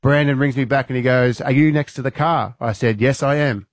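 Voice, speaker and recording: A man's voice: medium pitch, fairly even intonation, brisk, no echo, studio quality. An Australian man, a radio co-host, telling a story with energy and acting out his own lines in a raised voice.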